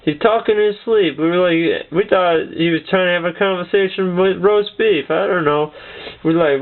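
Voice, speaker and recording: A man's voice: sits high, moderate pace. A man telling rambling comic childhood stories as a comedian, often repeating "I tell you what.". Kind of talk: stand-up storytelling. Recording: tinny phone-like sound.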